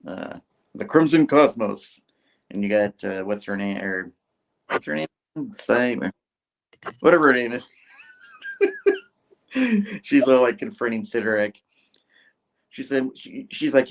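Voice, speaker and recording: A man's voice: fairly low pitch, a little slow, long pauses. A man hosting a comic book review show. He recaps an issue in a rambling, casual way, full of filler words. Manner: rambling, with filler words and mock character voices.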